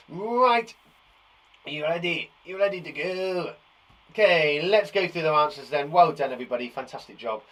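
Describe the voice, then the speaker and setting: A man's voice: fairly high pitch, moderate pace, a bit bright, a little hiss or hum. A man teaching a phonics lesson to young children online, upbeat and playful, joking and praising often. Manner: upbeat and playful, sings and jokes.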